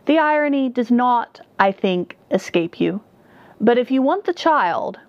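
A towering male shadow monster speaks in a dry, slithery croak, cruel and sly, as a woman reading the story puts him on. The recording is dull and close, with no room sound. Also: a little high, lively intonation, measured pace, no echo, voice pushed up. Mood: menacing.

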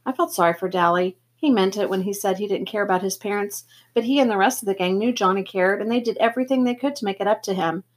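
A woman's voice: mid-range voice, quick pace, few pauses. A woman reading a novel aloud, steadily telling the story in first person. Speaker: reader.

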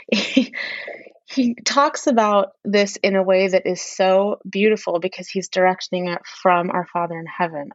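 A woman's voice: on the low side, dry recording. A woman in a casual religious discussion who speaks earnestly and reads quotations aloud with feeling. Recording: dry, slightly muffled audio.

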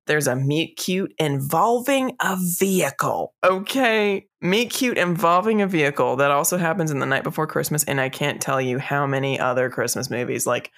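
A woman's voice: sits low, normal speed, few pauses. Chatty woman running through a list. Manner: chatty, runs through lists with light swearing. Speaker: podcast co-host. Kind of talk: casual chat.

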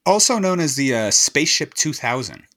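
Lively, bright-voiced man chatting. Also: fairly high pitch, moderate pace, dry recording, clean studio sound. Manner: relaxed, swearing freely, chiming in. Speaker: podcast co-host. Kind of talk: casual chat.

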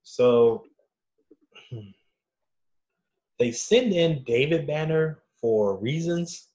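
A man co-hosting a casual movie review chat, relaxed and a little hesitant. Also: fairly high pitch, drawn-out words, lo-fi sound. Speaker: podcast co-host.

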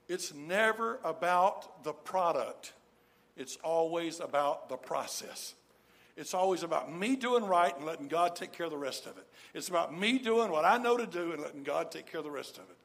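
A pastor with a drawl delivers his sermon with an emphatic, repeating cadence. His voice sits notably high for a man, and he leans hard on the words he wants to land. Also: normal speed, a bit bright. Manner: emphatic, repeats key phrases for stress.

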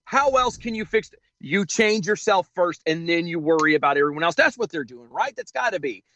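A man co-hosting a casual commentary show, reading news aloud in a sarcastic, animated way and laughing often. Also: a little high, a little fast, muffled recording. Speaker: podcast co-host.

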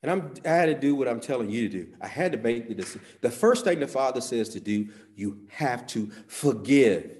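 A man preaching a sermon, swinging from soft, quiet phrases to sudden loud, emphatic peaks. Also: medium pitch, expressive, fairly quick, hardly any pauses.

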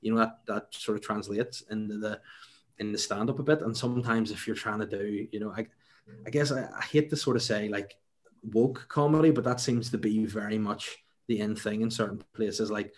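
Young northern irish man, lowish voice, casual rambling chat, lots of restarts. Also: fairly even intonation, moderate pace, a little mellow. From Northern Ireland. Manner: rambling, many restarts and "you know"s. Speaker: stand-up comedian, guest.

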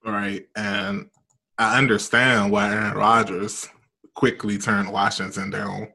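A man's voice: lowish voice, level tone, slow pace, creaky, sharp tone. A man co-hosting a casual sports talk show, laid-back and slangy, laughing easily as he talks.

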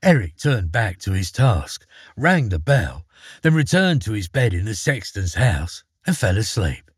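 Husky man narrating a fairy tale. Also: fairly low pitch, no room sound, clean studio sound. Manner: expressive, measured storytelling. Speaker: storyteller.

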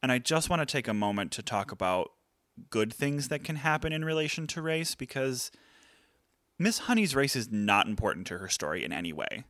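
A man's voice: medium pitch, sing-song, fairly quick, a bit bright, no room sound, clean studio sound. A man co-hosting a podcast, chatting earnestly with lots of fillers. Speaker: podcast co-host. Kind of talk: casual chat.

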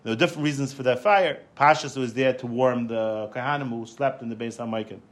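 A man giving a Torah lecture, telling stories in an animated way, often repeating words and restarting. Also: mid-range voice, a little fast. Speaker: Torah class teacher.

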